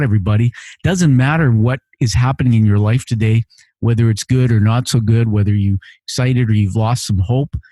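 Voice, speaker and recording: In a mellow, mid-range voice, a male podcast host and immigrant to Canada reads listener messages earnestly and emotionally, often repeating phrases. He records in a home studio in his living room, with no echo.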